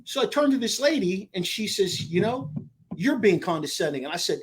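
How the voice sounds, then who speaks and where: A husky man with a fairly high voice, telling a story on a casual podcast. He talks in an animated way and acts out the back-and-forth he is recounting. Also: a little fast. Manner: animated storyteller acting out quoted exchanges. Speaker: podcast co-host.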